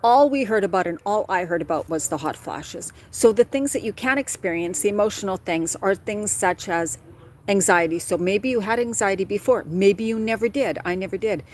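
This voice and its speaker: A woman's voice: medium pitch, moderate pace, a little mellow, slight background noise, low-quality recording. A woman in her forties giving casual, earnest advice straight to camera and acting out worried inner thoughts as quoted asides. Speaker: menopause wellness vlogger.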